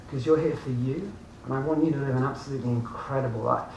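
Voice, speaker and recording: A man giving a lively motivational seminar talk to a live audience, often laughing and asking the room questions. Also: medium pitch, fast, vocal fry. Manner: animated, laughing, addresses audience directly. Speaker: motivational speaker. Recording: echoey room from far off, faint noise.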